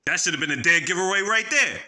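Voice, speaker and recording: In a casual spoiler recap, a male movie reviewer retells a horror film's plot, swearing, rambling, and performing the characters' reactions. His voice is high-pitched, animated, pushed and bright, and he talks quickly.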